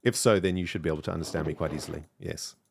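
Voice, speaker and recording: A man's voice: a bass voice, racing, creaky, a little hiss or hum. A man from South Africa with a mixed South African and British accent, chatting casually on a live game stream and thanking viewers. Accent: mixed South African and British English. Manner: chatty, thanks viewers warmly, rambling with fillers. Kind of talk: casual live-stream chat while gaming.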